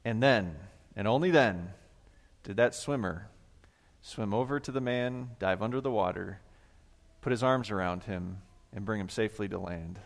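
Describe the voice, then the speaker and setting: A man, a pastor delivering a conversational sermon in a church, growing animated as he retells a story. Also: fairly low pitch, moderate pace. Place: church sanctuary. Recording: long hall reverb.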